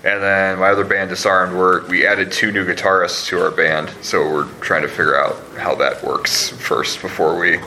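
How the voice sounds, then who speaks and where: A man with a lowish voice chats as a guest on a live podcast. He speaks in a relaxed, halting way, full of small fillers. Background noise stays clearly audible throughout. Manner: laid-back, hesitant with fillers and laughs. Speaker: guest musician and comedian.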